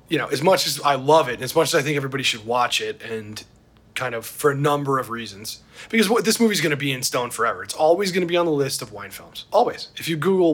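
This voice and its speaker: A man hosting a casual chat, animated and opinionated, laughing easily. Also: mid-range voice. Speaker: podcast host. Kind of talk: casual chat about film and wine.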